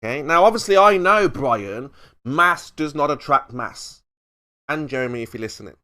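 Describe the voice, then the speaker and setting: A man's voice: a little high, lively intonation, moderate pace, sharp tone. A man in a heated online panel debate, talking in a theatrical, rambling way and talking over the others.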